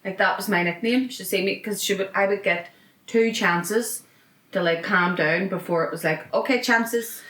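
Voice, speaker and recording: A woman's voice: medium pitch, moderate pace, fairly bright tone, echoey room. A woman hosting a podcast, chatting casually and bantering with her guest. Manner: chatty, reacts with laughter and banter. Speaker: podcast host. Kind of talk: casual chat.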